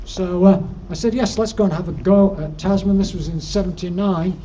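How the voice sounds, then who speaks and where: An older Yorkshire man tells climbing stories as a guest speaker at an alpine club, giving an anecdotal slide-show talk in a lecture room. He rambles, jokes dryly, and says um often, his voice high and mellow at a moderate pace. The recording is dull lo-fi with faint noise.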